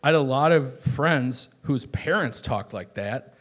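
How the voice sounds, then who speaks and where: A man's voice: mid-range voice, animated, unhurried, husky. Rambling Chicago-raised man telling stories. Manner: rambling storyteller, lots of filler words. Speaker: guest. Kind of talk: casual onstage chat. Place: live show at a bar venue.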